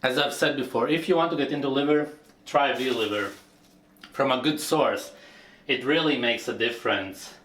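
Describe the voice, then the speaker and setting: A man's voice: medium pitch, normal speed, fairly bright tone. A man speaking earnestly and matter-of-factly in a casual vlog. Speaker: video blogger being reviewed. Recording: roomy clip with faint noise.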